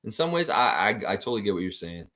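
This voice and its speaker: A man's voice: fairly low pitch, quick pace. A man hosting a fan livestream, ranting and reading out viewer comments in a casual, profane way. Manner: animated, ranting, profane, talks straight to viewers. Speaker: fan channel host.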